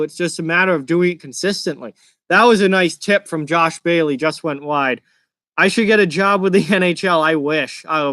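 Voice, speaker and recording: A young man with a mild Massachusetts accent talks casually through a live hockey reaction stream, breaking off to answer questions from the chat. His voice sits high and bright. The sound is dry and close. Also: no echo.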